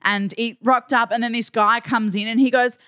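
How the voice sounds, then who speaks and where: A woman's voice: on the high side, normal speed, no room sound, clean studio sound. A woman co-hosting a podcast, telling stories with lots of laughter. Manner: laughing, animated storyteller. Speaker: podcast co-host. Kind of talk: casual podcast chat. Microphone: studio mic.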